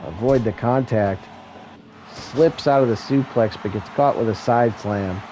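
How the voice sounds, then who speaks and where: A man hosting and calling a wrestling video game match as a solo play-by-play commentator, with excitable calls and joking asides. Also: mid-range voice, a little slow, slight background noise, poor audio. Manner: excitable play-by-play, rising to shouts at near-falls; self-deprecating asides.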